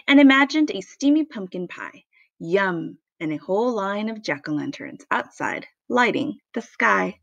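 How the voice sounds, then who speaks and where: A woman reading a children's picture book aloud, expressive and playful with sound effects. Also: medium pitch, normal speed, vocal fry, hardly any pauses, dry recording, muffled recording. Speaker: storybook reader.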